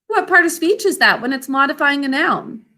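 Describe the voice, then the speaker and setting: A woman teaching an online spelling and grammar lesson over a video call, slow, clear and encouraging as she sounds out words. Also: high voice, lively intonation, pushed and bright.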